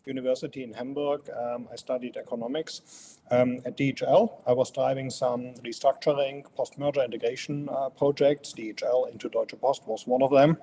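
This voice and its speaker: A man's voice: medium pitch, fairly even intonation, moderate pace, dark tone, a little hiss or hum. A man in his fifties with a strong German accent, speaking as an interview guest, friendly and hesitant with many fillers. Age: 50s. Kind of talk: casual interview.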